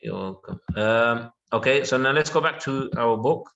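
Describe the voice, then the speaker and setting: A man's voice: mid-range voice, creaky, a bit bright, lo-fi sound. A man teaching English pronunciation in an online lesson, patiently repeating words and checking with his students. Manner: patient, repeats words slowly with many yeahs and okays.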